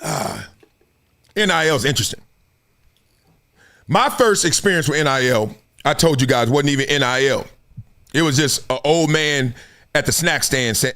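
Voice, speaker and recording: A man's voice: fairly high pitch, moderate pace, long pauses, bright, forceful tone. A man, hosting a show and telling stories casually, acting out quotes in raised voices and laughing often. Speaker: show host. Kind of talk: casual storytelling commentary.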